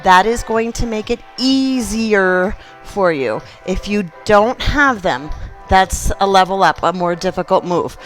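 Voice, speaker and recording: A woman fitness instructor leading a gentle exercise class, chatty and encouraging, counting reps aloud. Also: medium pitch, animated, unhurried, soft background music, rough recording. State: out of breath at times.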